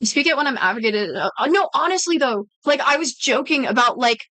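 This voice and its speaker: A high-pitched woman chats loosely with her stream viewers, wandering between thoughts and cutting herself off mid-sentence. She swears freely and casually. The sound is dry and close, with no room echo. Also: animated, fairly quick, sharp tone. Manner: rambling, profane, self-interrupting. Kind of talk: casual livestream chat with viewers.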